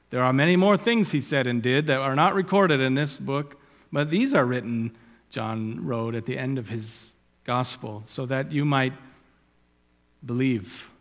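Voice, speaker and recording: A man preaching a sermon, swelling loud and high when he quotes Scripture and dropping low and quiet on asides. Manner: rises in pitch and volume when quoting Scripture, drops low on asides. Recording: long hall reverb.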